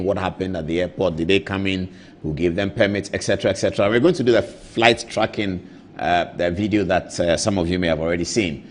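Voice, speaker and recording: A man's voice: deep voice, a little fast, slight background noise. A man hosting a live TV talk show, talking emphatically and firing off rhetorical questions. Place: TV studio.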